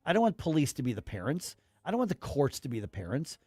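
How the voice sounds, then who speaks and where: A man's voice: medium pitch, wildly swooping pitch, quick pace, warm tone, breathy edge, dry recording, studio quality, faint music behind. A man hosting a talk radio show, giving emphatic, rambling opinions with acted quotes.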